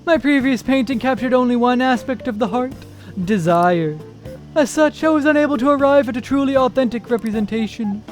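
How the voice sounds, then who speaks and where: A dreamy, self-important young painter who speaks in lofty, ornate sentences, voiced by a man reading game lines aloud. His voice sits very high, with faint music underneath. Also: brisk. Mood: grandiose. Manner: theatrical, flowery formal speech. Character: pompous young male artist, grandiose and dreamy.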